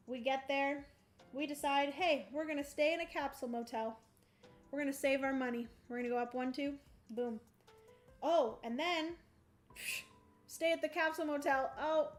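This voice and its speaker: Bubbly woman, high voice, livestream board game narration over faint music. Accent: playful put-on country twang. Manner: bubbly and playful, narrating moves aloud.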